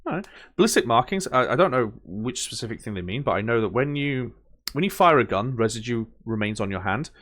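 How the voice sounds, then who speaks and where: With a medium pitch, lively intonation and a fairly bright tone, a young man talks fairly quickly over his gameplay. His let's-play commentary is casual and rambling, full of tangents and fillers as he reads and reacts to the game.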